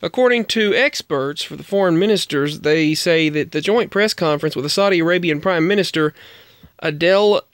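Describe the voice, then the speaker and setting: A man's voice: a little high, moderate pace, fairly bright tone, clean tone, no echo, clean studio sound. A man giving casual news commentary as a vlogger, rambling and often correcting himself.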